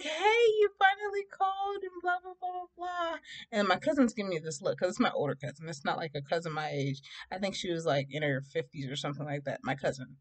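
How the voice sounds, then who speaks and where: Chatty young woman telling a storytime. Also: lowish voice. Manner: chatty and animated, acting out quotes with laughs. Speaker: vlogger. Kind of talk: casual storytime.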